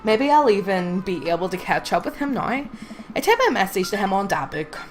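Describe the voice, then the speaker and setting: A woman's voice: medium pitch, expressive, brisk, soft background music. A young woman streaming a game live, reading the dialogue aloud and commenting in a sardonic, swearing way.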